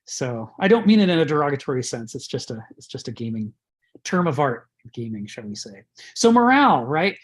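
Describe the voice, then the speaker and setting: A man's voice: mid-range voice, sing-song, fairly quick. A man giving a conversational lecture, rambling, chuckling often and using many fillers.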